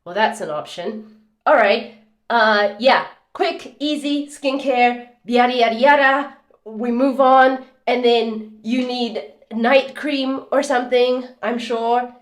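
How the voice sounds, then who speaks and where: A woman in her thirties talks casually to camera at home, her voice sitting fairly high. She tells stories in an animated, dramatic way and laughs as she goes. The room around her is echoey. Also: slow pace. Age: 30s. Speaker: beauty vlogger. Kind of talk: casual chatty storytelling. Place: indoors at home. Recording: roomy echo.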